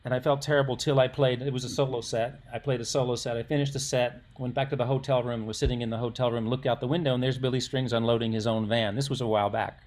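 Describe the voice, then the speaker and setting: A man's voice: mid-range voice, steady tone, quick pace, few pauses, darkish tone. A man in his sixties, a musician guest, telling long rambling anecdotes in a casual interview, often stopping to restart. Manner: rambling, self-interrupting anecdotes with acted quotes.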